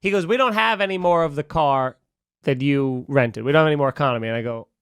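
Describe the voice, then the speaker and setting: A man's voice: on the high side, fast, smooth, no room sound, studio quality. A man on a podcast telling a long, heated anecdote in casual chat, acting out both sides and swearing freely. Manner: animated, acts out both sides of a quarrel, swears. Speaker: podcast host.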